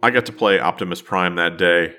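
A man's voice: sits low, brisk, pushed and bright, slight background noise. A man from New Jersey hosting a podcast, telling a wry, self-deprecating story in scripted narration. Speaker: podcast host.

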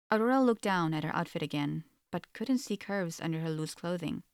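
A woman narrating a story in an audiobook, with a steady, measured reading. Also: on the low side, clear, resonant tone, no room sound, studio quality.

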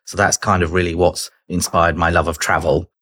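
A man's voice: low voice, flat delivery, brisk, fairly bright tone. A middle-aged man, a podcast guest, chatting casually, laughing easily and acting out remembered conversations. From Britain.

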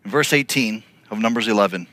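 A man preaching a sermon, telling stories and acting out the people he quotes with lively shifts in voice. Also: lowish voice, fast, no room sound. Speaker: pastor.

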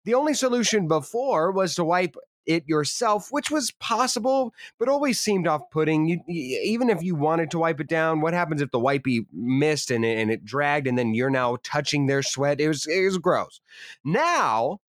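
A man chatting on a podcast, his pitch leaping up and down as he riffs through half-serious rants. He tosses out mock-grand proclamations between rambling asides. The sound is dry and close, with no room in it. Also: moderate pace, no room sound. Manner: animated, jokey, rambling with mock-grand declarations. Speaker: podcast co-host. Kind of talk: casual comedic podcast chat.

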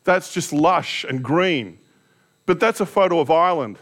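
Pastor guy preaching, kinda high voice, honest and self-deprecating, lots of questions to the crowd. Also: lively intonation, unhurried, fairly bright tone. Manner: candid, self-deprecating storytelling with rhetorical questions. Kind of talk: sermon.

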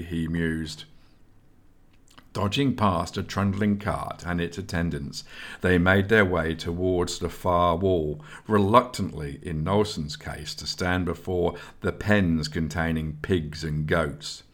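A man narrating an audiobook in a steady, expressive storytelling manner. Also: deep voice, takes it slowly.

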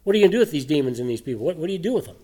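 Animated preacher with rising questions. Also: male voice, on the high side, rapid-fire. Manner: animated, rhetorical questions, scoffing laughs. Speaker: pastor. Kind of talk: sermon.

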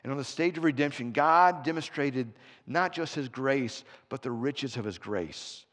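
A man preaching a sermon in a church, telling stories with big swings from quiet to shouting. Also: mid-range voice, lively intonation, moderate pace. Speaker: pastor. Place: church sanctuary. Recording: preaching in a church hall with long reverb.

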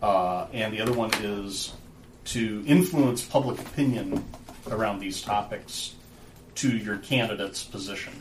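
Low man as game master, loose explainer, roomy far-off mic, noisy. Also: measured pace. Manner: loose, filler-heavy explaining. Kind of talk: running a tabletop game.

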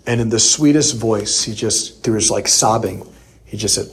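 A man preaching a sermon, telling a personal story with lively acted-out quotes. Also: lowish voice, normal speed, a little hiss or hum. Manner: animated storyteller who acts out quoted voices. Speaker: priest.

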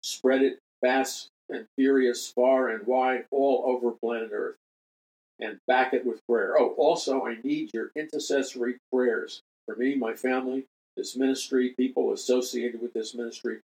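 A man's voice: medium pitch, fairly even intonation, moderate pace, darkish tone, low-quality recording. An older man delivers a talk radio monologue as host of a religious show. His mid-range voice is emphatic, and he repeats key phrases to drive the point home and appeals earnestly to his listeners.

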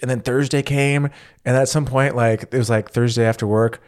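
A man's voice: mid-range voice, fairly even intonation, a little mellow. Rambling podcast co-host man. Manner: rambling, halting, many fillers and restarts. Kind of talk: casual chat.

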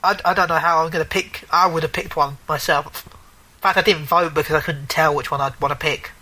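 A man chatting casually about video games on a podcast, his voice bright and forward. He rambles, stumbles over names and keeps correcting himself, with a joking edge to it all. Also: on the high side, fairly even intonation, brisk, poor audio. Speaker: podcast co-host. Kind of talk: casual gaming chat.

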